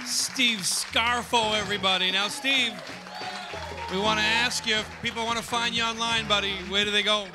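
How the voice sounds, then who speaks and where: A man hosting a late night talk show, announcing loudly and upbeat. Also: high-pitched, fairly even intonation, moderate pace. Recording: live studio with crowd and music.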